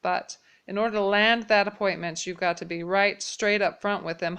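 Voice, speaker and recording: Patient woman teaching with a smooth voice. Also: medium pitch, steady tone, a bit bright. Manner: patient, explains slowly and repeats phrases. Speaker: language teacher. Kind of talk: whiteboard language lesson.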